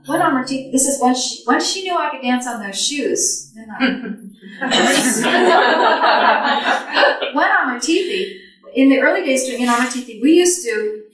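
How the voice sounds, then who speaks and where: Woman with a raised voice recalling old stories for a live audience, lively and laughing, heard from a distance in a big reverberant room. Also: a little high. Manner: animated, laughing, acts out her own past thoughts. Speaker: speaker sharing recollections. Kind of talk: storytelling talk to an audience. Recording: echoey hall from far off.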